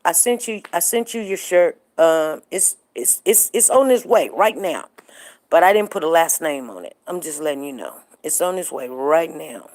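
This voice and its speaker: A woman's voice: low voice, animated, normal speed, a little mellow. A middle-aged woman hosting a live show, chatting casually and telling stories straight to her viewers. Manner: chatty, storytelling, addresses viewers directly.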